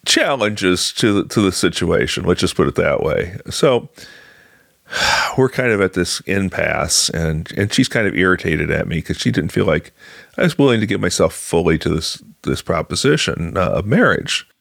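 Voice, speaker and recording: Man, low gravelly voice, animated pitch, dry close recording, casual storyteller. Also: dry recording. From Illinois, USA. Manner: conversational, halting with fillers and restarts, voices other people in quotes. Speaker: storyteller sharing a personal faith story.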